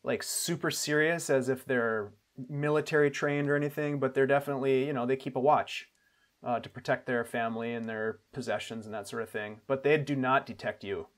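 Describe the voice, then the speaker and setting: A man serving as game master, setting the scene at a steady, descriptive pace and restarting phrases now and then. His voice sits in a middle pitch. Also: a little fast. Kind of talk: narrating a tabletop game.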